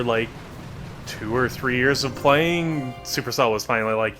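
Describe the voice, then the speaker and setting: A man's voice: medium pitch, unhurried, pushed and bright, a little hiss or hum. A man giving casual, rambling gameplay commentary with joking asides. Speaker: gaming video creator.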